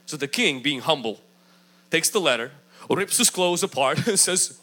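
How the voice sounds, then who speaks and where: A man preaching a sermon in a high, bright voice. His delivery is emphatic and swings widely in pitch. He acts out the people he quotes. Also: lively intonation, moderate pace. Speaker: pastor.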